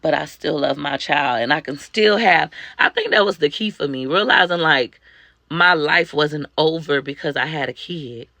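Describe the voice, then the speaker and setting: A woman's voice: deep voice, moderate pace, vocal fry, pushed and bright, dry recording. A woman talking candidly to camera as a mother, emphatic, heartfelt and blunt. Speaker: mother sharing life advice. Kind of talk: candid personal monologue to camera.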